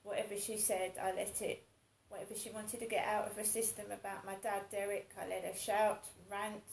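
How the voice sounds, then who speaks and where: Lady in her 50s, gravelly voice, rambling and fed up, echoey room with a bit of hiss. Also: mid-range voice, little pitch movement, fairly quick. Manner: aggrieved, rambling, repetitive. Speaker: vlogger. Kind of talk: casual monologue.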